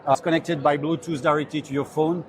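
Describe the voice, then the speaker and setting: A man representing a company, earnestly explaining his product in a slightly halting way on a trade show floor. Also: fairly high pitch, flat delivery, a little hiss or hum. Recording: loud crowd chatter behind.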